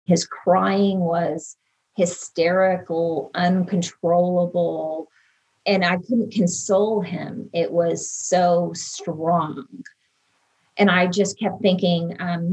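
A woman's voice: fairly low pitch, a little mellow, husky. A woman in an interview, earnestly and emotionally recalling events from her own life. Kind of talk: personal recollection in an interview.

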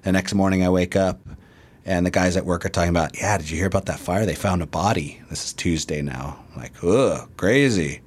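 Deep-voiced firefighter telling his story. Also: fairly even intonation, quick pace, husky. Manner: casual storytelling with fillers. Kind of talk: personal recollection.

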